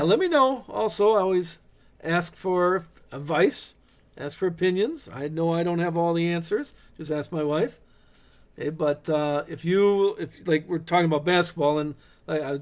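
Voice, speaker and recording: A middle-aged man hosting a live card break, chatting casually and cracking corny dad jokes. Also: on the high side.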